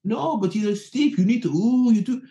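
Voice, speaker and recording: A man's voice: high voice, normal speed, dark tone, highs cut off, pitched above the performer's own voice. A man doing an impression of a breezy, dismissive foreign football manager who teases and repeats himself. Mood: insistent. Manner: airy, teasing, repeats himself. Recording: roomy echo.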